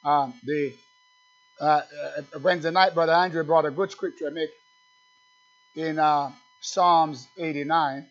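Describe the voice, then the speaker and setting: A man preaching a sermon, emphatic and fervent, swinging from loud bursts to low conversational asides and quizzing his congregation. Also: fairly even intonation, a little slow. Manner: asks the congregation questions. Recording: dull lo-fi church recording.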